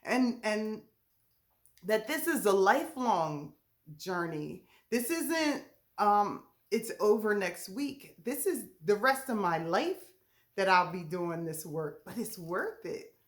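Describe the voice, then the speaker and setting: A ministry leader delivers her message slowly in an animated, mid-range voice. She is deeply heartfelt and emotional, laughing through near-tears in a casual manner with a touch of the South.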